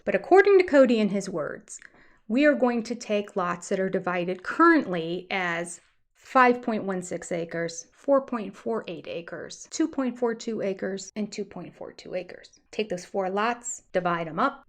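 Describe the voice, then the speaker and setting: An older woman hosting a casual commentary on a TV show, expressive and teasing, with sarcastic asides. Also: mid-range voice, unhurried. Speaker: host.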